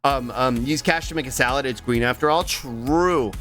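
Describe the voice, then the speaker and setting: A young man chatting casually with his stream viewers, rambling with strings of filler ums and jumping to a squeaky high voice when thanking subscribers. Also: moderate pace, a bit bright, faint music behind. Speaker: live streamer.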